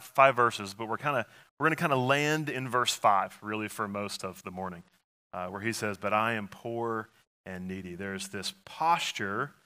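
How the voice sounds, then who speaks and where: A man's voice: fairly low pitch, sharp tone. A man preaching a sermon in an earnest, conversational way, with frequent fillers and restarts. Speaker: pastor.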